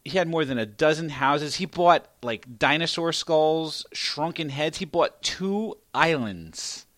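A man co-hosting a casual comedy podcast, playful and quick to laugh. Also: a little high, expressive, fairly bright tone, no room sound. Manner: laughs often, playful, teasing. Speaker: podcast co-host. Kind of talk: casual banter.

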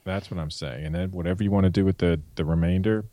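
A man co-hosting a casual comedy podcast, teasing his co-hosts in a deadpan way. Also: sits low, quick pace, dry recording. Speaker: podcast co-host. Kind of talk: casual banter.

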